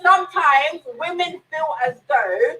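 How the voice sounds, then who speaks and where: A woman's voice: high-pitched, expressive, measured pace, bright, forceful tone. A woman speaking earnestly, explaining her view in a group discussion.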